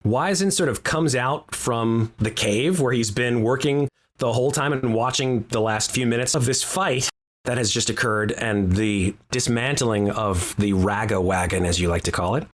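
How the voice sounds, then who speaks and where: A man narrating as dungeon master in a tabletop game, animated and quick to laugh. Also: mid-range voice.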